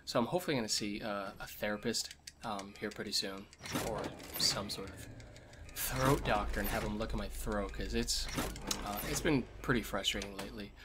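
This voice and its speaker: A man with damaged vocal cords talking quietly and low as he commentates a game he is playing, coughing often. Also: normal speed, noisy background. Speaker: let's play host. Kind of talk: gameplay commentary. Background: game sounds and music.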